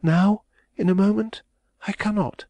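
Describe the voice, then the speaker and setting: A woman's voice: sits low, a little mellow, slightly rough, no echo, voice pushed up. A man reading an audiobook, voicing a distressed, secretive young society woman who trembles and pleads. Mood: agitated. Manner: tremulous and pleading, quick to cry out.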